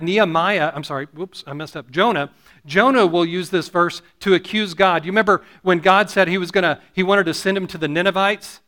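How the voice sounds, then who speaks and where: A man's voice: on the high side, bright, forceful tone. A man preaching a sermon, earnest and explanatory, often restarting phrases and asking the congregation to answer "Amen?". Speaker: pastor.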